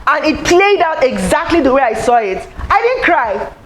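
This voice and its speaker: Energetic woman giving an inspirational talk. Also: moderate pace, slight background noise, poor audio. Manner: animated, acts out quoted voices, rising to high exclaims. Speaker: motivational speaker. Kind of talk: inspirational talk to a live audience. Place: event room.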